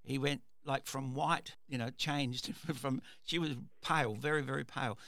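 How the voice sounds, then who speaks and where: A man's voice: medium pitch, steady tone, moderate pace, creaky, sharp tone, no room sound. A man hosting a radio talk show, telling a story in a rambling way, with repeated words and restarts. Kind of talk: casual storytelling monologue.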